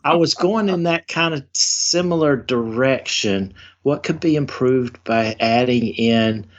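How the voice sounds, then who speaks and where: A man's voice: medium pitch, a little slow, highs cut off. A man as a guest on a podcast, joking and thinking aloud in casual chat.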